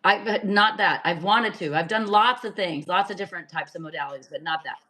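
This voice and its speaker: A woman's voice: fairly low pitch, fairly quick, sharp tone. A woman in her fifties co-hosting a casual chat, talking in a chatty, exclamatory way. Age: 50s. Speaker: podcast co-host.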